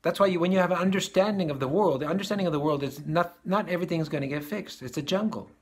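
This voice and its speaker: Male spiritual teacher, casual talk, slightly high voice, repeats phrases, chuckles often. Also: quick pace. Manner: repeats and restarts phrases, chuckles at his own points.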